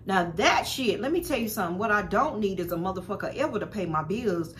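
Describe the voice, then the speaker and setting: A young woman with a mid-range, slightly bright voice speaks a little fast with lively intonation, over a faint hiss or hum. A spiritual vlogger, she tells her viewers a personal story in a blunt, profane, casual way, often calling them "y'all."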